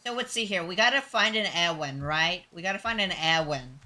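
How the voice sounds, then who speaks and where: A woman's voice: fairly low pitch, a little fast, sharp tone, a little hiss or hum. A young woman streaming a game, talking to herself and her chat in a playful, mock-dramatic way, with sudden exclamations. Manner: talks to herself and chat while playing. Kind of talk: live gameplay commentary.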